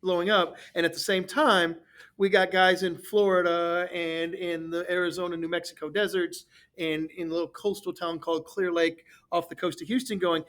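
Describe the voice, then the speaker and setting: A man's voice: high voice, level tone, moderate pace, fairly bright tone. A man who teaches history, co-hosting a podcast in casual chat and often repeating words as he thinks.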